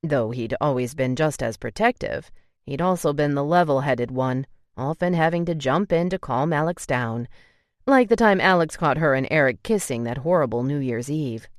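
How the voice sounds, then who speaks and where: A woman's voice: low-pitched, expressive, moderate pace, dry recording, studio quality. A woman narrating a romance audiobook in an emotive way, voicing the tearful heroine's lines with feeling.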